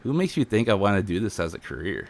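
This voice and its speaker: A man's voice: on the low side, big pitch swings, fast talker, vocal fry. A man streaming a defiant, heated rant, repeating himself as he talks. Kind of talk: ranting livestream monologue.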